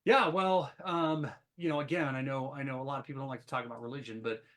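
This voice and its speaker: Animated man telling a story. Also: medium pitch, quick pace. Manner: animated storyteller, many fillers. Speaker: podcast guest. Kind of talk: casual podcast interview.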